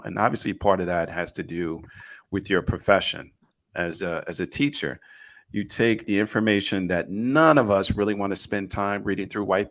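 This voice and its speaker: A man's voice: sits low, fairly bright tone. A man co-hosting a casual online panel, upbeat and steering the talk from one segment to the next. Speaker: co-host.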